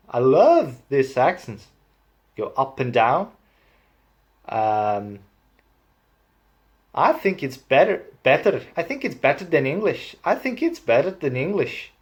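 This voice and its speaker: A bouncing Welsh lilt, pitched well above his usual voice and swooping up and down, as a man does the accent for fun. The voice rises and falls in a playful, musical way. It sounds like an amateur impression, slow and deliberate. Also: big pitch swings, dull audio. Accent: Welsh, put on. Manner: sing-song, pitch going up and down. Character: man doing a sing-song Welsh accent.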